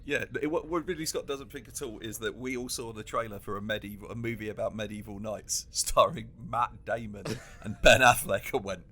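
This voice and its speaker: A man's voice: fairly low pitch, a little fast, few pauses, sharp tone, slight background noise. A man co-hosting a comedy podcast, ranting in casual banter and laughing often between his points. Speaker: podcast co-host.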